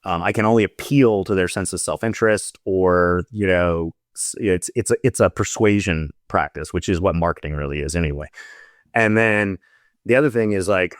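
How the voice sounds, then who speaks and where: A middle-aged man, a former soldier, talking in a relaxed, reflective way as a podcast guest, with many loose asides. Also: deep voice, no room sound, studio quality. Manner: reflective, talks in loose run-on thoughts with many "like"s. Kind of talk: casual conversational interview.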